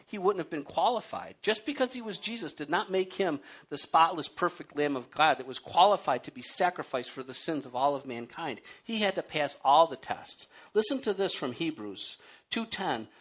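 A man preaching a sermon, telling stories from his own life with animated delivery and then reading scripture aloud and explaining it. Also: on the high side. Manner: animated storytelling, acting out his own pleas and rising to loud cries. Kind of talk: sermon with personal testimony.

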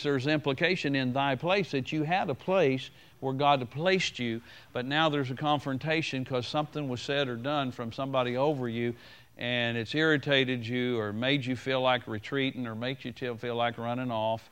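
A male pastor preaching to his flock in an easy, conversational way, with a voice at an ordinary middle pitch. He circles back to key phrases and drops into a slow, deliberate pace to quote scripture. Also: steady tone, a bit bright, clear, resonant tone. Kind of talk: preaching a sermon to a congregation.

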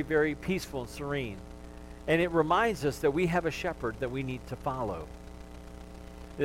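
Guy pastor preaching, chatty and joking w the crowd, kinda high voice, faint hum behind. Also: poor audio. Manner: conversational and joking with the congregation. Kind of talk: sermon.

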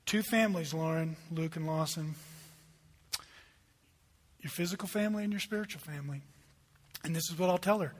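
A middle-aged man preaching a sermon as pastor, swinging between loud emphatic lines and hushed asides. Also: on the high side, normal speed, long pauses, slightly rough. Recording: long hall reverb.

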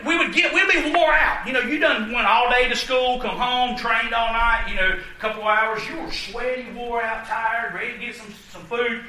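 Male pastor, 40s, high lively voice, folksy sermon delivery, echoey church, distant mic. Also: slight background noise. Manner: folksy, emphatic preaching with asides to the congregation. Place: church sanctuary.

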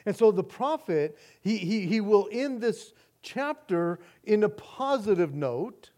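High-pitched guy preaching, earnest, keeps restarting words, goes soft then punchy. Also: expressive, takes it slowly. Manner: earnest, restarts and repeats words, swings between soft and emphatic. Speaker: pastor. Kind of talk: sermon.

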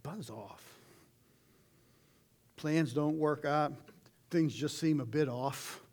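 A middle-aged man preaching a sermon in a folksy, animated way, with sudden shouted asides. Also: fairly high pitch, takes it slowly.

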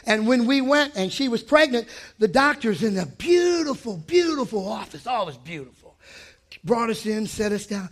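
A man preaching a sermon as pastor, swinging from hushed asides to shouted declarations. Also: high voice, lively intonation, a little fast. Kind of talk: energetic sermon.

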